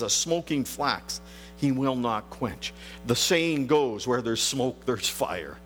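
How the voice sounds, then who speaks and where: A male pastor delivers an animated sermon, his pitch ranging widely as he presses each point. He slows to a deliberate crawl on the lines he wants to land. Faint music and a low mains hum sit under the recording. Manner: animated preaching with slow emphatic phrases.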